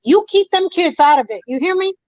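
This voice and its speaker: Woman caller on a dull, dry line, high-pitched, hammering her points home like a sermon. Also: expressive, brisk, darkish tone, no echo. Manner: preachy, emphatic, repeats phrases for effect. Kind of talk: impassioned call-in talk.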